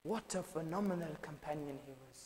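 A young man in his twenties, from the United Kingdom, giving an impassioned mourning sermon that swings from hushed to shouted and chanted lament. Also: fairly high pitch, a little fast. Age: 20s. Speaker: lecturer. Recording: echoey hall with long reverb.

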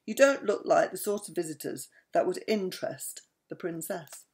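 A woman's voice: fairly low pitch, moderate pace, a little mellow, natural voice. A woman voicing a formal, dismissive male castle guard.

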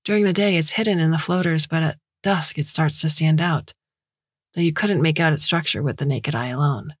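A woman narrator voicing an earnest young female scientist who speaks with gentle insistence. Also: low voice, fairly quick, dry recording, clean studio sound.

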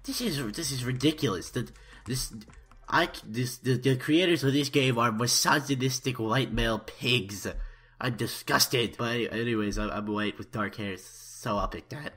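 A man's voice: medium pitch, moderate pace, fairly bright tone, husky. A young man doing parody let's-play commentary, stammering and overhyped in a mock-earnest way. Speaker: YouTuber.

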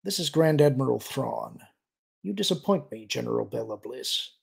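A man voicing a cold, cultured alien grand admiral who speaks with calm, measured menace in an audiobook reading. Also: mid-range voice, creaky, husky, heavily acted.

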